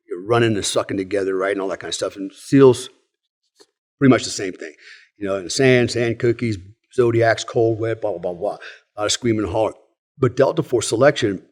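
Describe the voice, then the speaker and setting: Man, 60s, lowish pitch, casual storytelling, frank, rambling, swears casually. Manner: rambling, tags sentences with "right?" and "you know". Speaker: podcast guest, former special forces soldier.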